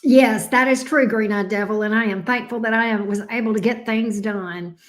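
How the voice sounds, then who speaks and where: A middle-aged woman with a Southern US accent hosts a live tarot stream, speaking at normal speed in a fairly high voice. She is bubbly and chatty, greeting viewers by name one after another.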